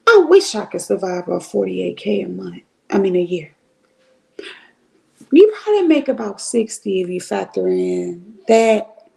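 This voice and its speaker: A middle-aged woman from Cleveland giving blunt, profane, animated commentary on a livestream. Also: mid-range voice, gravelly. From Cleveland, Ohio.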